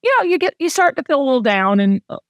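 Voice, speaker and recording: A woman's voice: high-pitched, big pitch swings, fast talker, dry recording. A middle-aged Southern woman hosting a candid, casual talk, speaking with heartfelt emotion and frequent restarts. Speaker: host.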